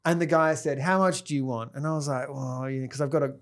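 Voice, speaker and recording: A man's voice: medium pitch, fast talker. A man co-hosting a podcast, telling stories in casual banter and acting out quotes. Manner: animated storyteller, acts out quotes. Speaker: podcast co-host.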